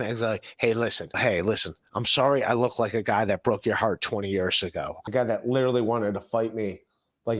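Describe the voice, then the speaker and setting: A man's voice: lowish voice, a bit bright. A man telling rambling, profane anecdotes in a casual podcast chat, with lots of fillers and restarts.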